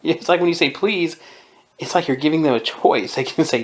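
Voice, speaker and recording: A man's voice: fairly high pitch, brisk, a little hiss or hum. Opinionated man in his twenties, chuckling. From Southern California. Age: 20s. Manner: opinionated, chuckles often, mimics people in quotes. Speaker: podcast host. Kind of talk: casual monologue.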